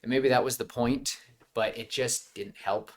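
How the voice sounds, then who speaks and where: At normal speed and medium pitch, a man co-hosting a podcast meanders through casual talk about a film. His delivery is lively, full of laughs and false starts.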